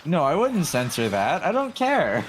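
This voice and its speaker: A man's voice: fairly high pitch, huge pitch swings, moderate pace, slight background noise. A man chatting late at night while gaming with friends, playful, joking and giggly.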